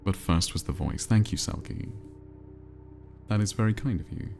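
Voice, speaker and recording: A man streaming a cozy game, chatting in a relaxed, rambling way and answering his chat. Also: fairly low pitch, normal speed, soft background music. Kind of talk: casual chat while playing a cozy game.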